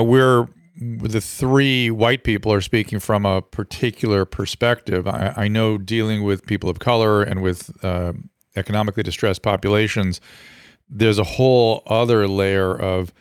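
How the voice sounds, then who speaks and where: A man hosting a panel talk on youth mental health, measured and thoughtful, with fillers and restarts. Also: on the low side, fairly even intonation, smooth, dry recording, studio quality. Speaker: host. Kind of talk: moderating a panel discussion.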